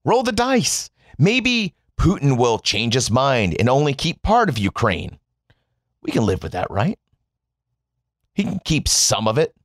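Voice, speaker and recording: A man's voice: medium pitch, big pitch swings, unhurried, long pauses, dry recording, clean studio sound. An American man giving a sarcastic, profane commentary monologue to his viewers, whom he calls "folks.". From United States. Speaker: political commentator.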